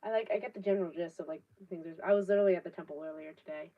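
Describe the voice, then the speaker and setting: A woman's voice: on the low side, rapid-fire. A 19-year-old woman, chatting casually on a live stream, rambling with lots of fillers and casual swearing. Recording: distant, dull laptop audio.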